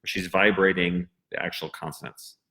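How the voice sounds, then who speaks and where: Bright-voiced male voice teacher. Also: deep voice, little pitch movement, moderate pace. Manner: explanatory, stresses crisp consonants. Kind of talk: singing lesson explanation.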